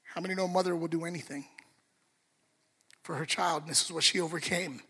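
A man preaching a sermon, animated, acting out the story in different voices. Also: fairly high pitch, a little fast, husky. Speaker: pastor. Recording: long reverb of a large hall.

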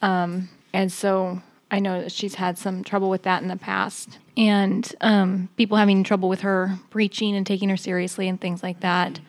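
A woman's voice: medium pitch, little pitch movement, moderate pace, hardly any pauses, no echo. A woman in a casual group book discussion, speaking thoughtfully and hesitantly, with many ums.

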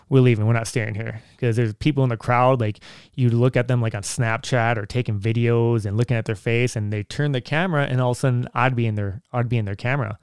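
A man of middle pitch with a smooth, resonant voice rambles through personal stories, restarting sentences and giving earnest advice. The recording is dry and close, with no room echo. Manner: rambling, with frequent restarts and filler words. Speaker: vlogger. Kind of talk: casual personal storytelling.

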